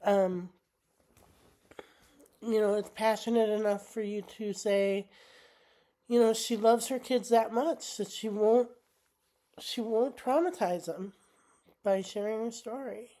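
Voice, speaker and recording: A woman vlogging while sick, talking through a tarot card reading in a halting way, with many pauses and restarts. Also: mid-range voice, steady tone, warm tone. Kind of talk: casual spoken vlog.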